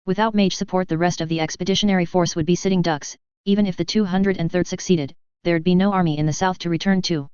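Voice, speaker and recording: A steady storyteller reads a fan fiction aloud, very smooth and clear. The sound is dry with no room, and a touch dull and lo-fi. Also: medium pitch, fast, hardly any pauses, dry recording. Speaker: narrator. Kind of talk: audiobook fan fiction reading. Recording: dry, slightly dull lo-fi recording.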